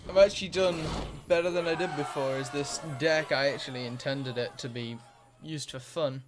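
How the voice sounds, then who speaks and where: Man thinking aloud over game music. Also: medium pitch. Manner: relaxed, thinking aloud while playing. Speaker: gameplay commentator. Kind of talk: casual game commentary.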